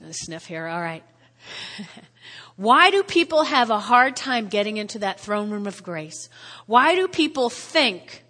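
A woman pastor preaching a sermon with strong emotion, swinging between loud exclamations and hushed whispers, at times close to tears. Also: mid-range voice, sing-song, slow, pauses often. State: tearful at times. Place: church hall. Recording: long hall reverb.

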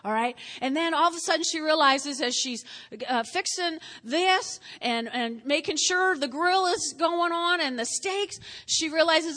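A woman teaching a lively Bible lesson to a live group, acting out scenes and chatting with her listeners in a church meeting room. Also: very high voice, a little slow. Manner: animated, acts out scenes, chatty asides to listeners. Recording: reverberant hall.

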